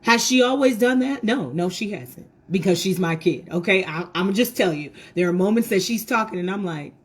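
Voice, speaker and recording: A woman's voice: mid-range voice, animated, brisk, breathy edge. A woman hosting a motivational talk for women, emphatic and preachy, with self-mocking asides to her audience. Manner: repeats words and restarts when fired up.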